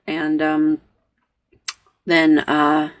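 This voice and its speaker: A woman's voice: sits low, monotone, extremely slow. A woman hosting a knitting podcast, telling a story in a chatty, rambling way with plenty of fillers and asides. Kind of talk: casual storytelling chat.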